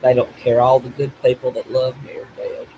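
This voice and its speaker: Grieving older man, tearful and halting. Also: medium pitch, flat delivery, mellow, a little hiss or hum, poor audio. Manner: grief-stricken, self-blaming, halting with restarts. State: crying. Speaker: vlogger. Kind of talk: tearful personal video diary.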